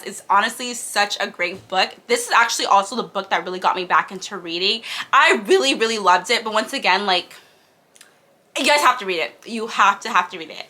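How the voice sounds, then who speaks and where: A young woman vlogging about books in a bright, sparkly voice. Her pitch leaps all over, and she keeps slipping "like" between her words. She breaks into sudden excited squeals. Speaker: book vlogger. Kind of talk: casual chat.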